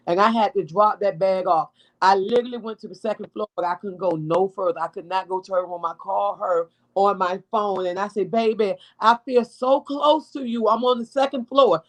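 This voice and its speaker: A middle-aged woman speaks from the heart, raw, blunt and sometimes profane. She sounds emotional and close to tears. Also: mid-range voice. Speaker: mother of a hospitalized daughter, guest. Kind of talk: emotional personal testimony.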